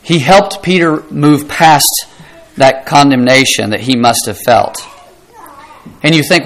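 A man's voice: mid-range voice, slow pace, poor audio. A middle-aged man preaching a sermon, earnest and emphatic, asking rhetorical questions and dropping his voice for effect. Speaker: pastor.

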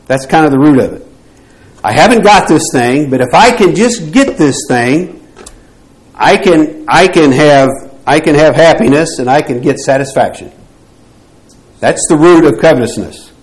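A man's voice: a little high, expressive, moderate pace, poor audio. Questioning male Bible class teacher. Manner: poses rhetorical questions to the group; restarts phrases often.

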